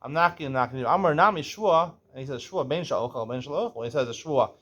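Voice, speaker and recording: A man's voice: medium pitch, fast, a bit bright, dull audio. Man explaining a Talmud page. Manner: reads Aramaic then explains in English, asks "right?" often; clears throat now and then. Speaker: Talmud teacher.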